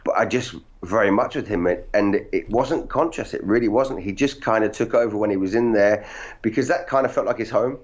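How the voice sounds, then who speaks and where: Low-voiced actor guest, muffled audio. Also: male voice, brisk. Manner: animated, self-deprecating storyteller. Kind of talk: casual interview chat. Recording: dull lo-fi audio.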